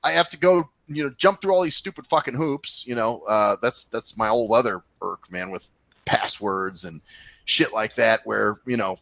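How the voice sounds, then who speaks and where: A man's voice: on the low side, moderate pace, vocal fry, no room sound, low-quality recording. A man telling a long, profane rant in casual chat with a friend, putting on voices for the people in his story. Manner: ranting storyteller, animated, swears freely; mimics people in put-on voices. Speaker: podcast co-host.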